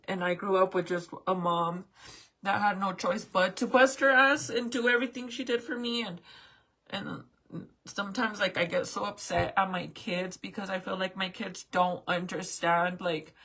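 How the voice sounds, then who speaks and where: A woman's voice: mid-range voice, vocal fry, a bit bright. A woman in her late thirties talking casually to her viewers, swearing freely and fighting back tears, laughing nervously as she gets emotional. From New Mexico. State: tearful. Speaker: vlogger. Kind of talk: casual confessional talk to camera.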